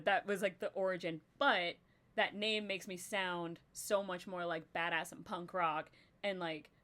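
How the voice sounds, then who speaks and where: A woman's voice: fairly low pitch, fairly bright tone. A young woman co-hosting a live stream, chatting casually with a rambling flow and many fillers. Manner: rambling, lots of filler likes. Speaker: podcast co-host.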